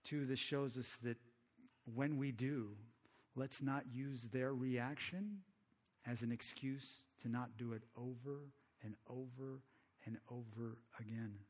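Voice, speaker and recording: A male preacher delivering a sermon in a conversational manner. He often asks the audience rhetorical questions, and his voice sits in a medium pitch. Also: slow, darkish tone.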